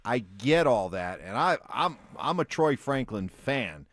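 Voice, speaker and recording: A man's voice: mid-range voice, sing-song, a little slow, fairly bright tone, dry recording, clean studio sound. A man hosting a sports radio show, steering the talk with questions and takes. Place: radio studio.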